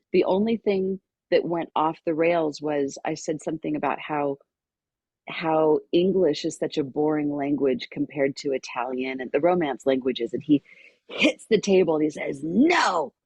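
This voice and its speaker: Husky low-voiced woman telling a story. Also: moderate pace, no room sound. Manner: lively storyteller who acts out quoted voices. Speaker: podcast guest. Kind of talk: animated personal storytelling.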